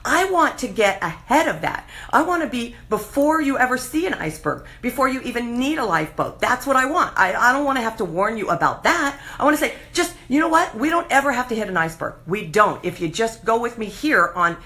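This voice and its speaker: A woman's voice: on the high side, brisk, hardly any pauses. A middle-aged woman hosting a live show, talking passionately and animatedly in a casual monologue. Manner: passionate, animated, acts out voices of others.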